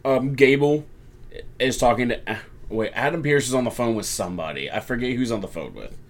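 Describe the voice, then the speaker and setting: A man talking through a wrestling broadcast in relaxed, casual chat, a mid-pitched voice. He drops into brief playful imitations of the wrestlers as he recaps. Easygoing podcast delivery. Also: a little fast.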